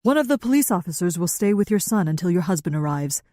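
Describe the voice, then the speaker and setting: Calm paramedic, brisk reassuring delivery, mellow voice read by a woman. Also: on the low side, dry recording, clean studio sound, lightly acted.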